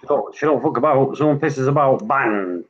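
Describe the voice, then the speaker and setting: A man's voice: medium pitch, normal speed. A man with a British accent in a casual group chat, cheeky and swearing, talking keenly about food. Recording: dull lo-fi audio.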